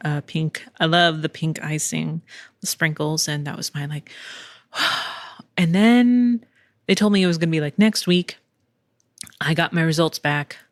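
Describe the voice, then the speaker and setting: A woman's voice: lowish voice, no echo, studio quality. A woman hosting a podcast, telling a personal story in a candid, chatty way, laughing often and swearing casually. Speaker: podcast host. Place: home in Texas.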